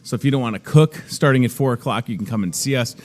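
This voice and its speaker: Inside a grocery store, a man in his thirties hosts a live segment, chatting with a guest and joking about himself. His voice is medium in pitch with a darkish tone, and he talks at a quick pace.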